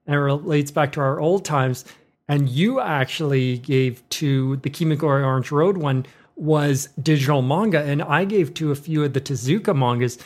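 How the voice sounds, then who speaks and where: A man whose voice sits a little high talks casually on a podcast. He rambles at length and links one thought to the next without a break. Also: moderate pace. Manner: rambling, chatty.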